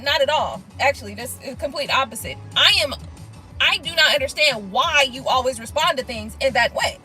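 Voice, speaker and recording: A woman chats through viewer comments on a casual live stream, blunt and profane, laughing things off. Her voice sits high and bright. Soft music plays faintly underneath. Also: lively intonation, moderate pace, poor audio. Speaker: tarot reader on a live stream.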